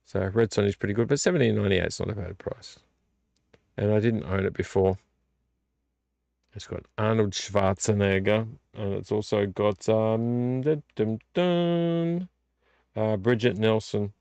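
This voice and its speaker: Tired vlog host, gravelly, dry close sound, rambling chat. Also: male voice, fairly low pitch, normal speed, no room sound. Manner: relaxed, rambling, complains about covers. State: tired and yawning. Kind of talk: casual late-night chat. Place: home room.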